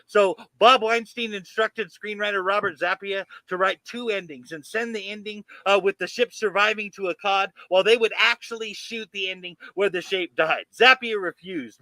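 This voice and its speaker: A man's voice: sits high, pushed and bright, no echo, rough recording. A man co-hosting a horror movie podcast, laid-back and casual, often restarting his sentences. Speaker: podcast co-host.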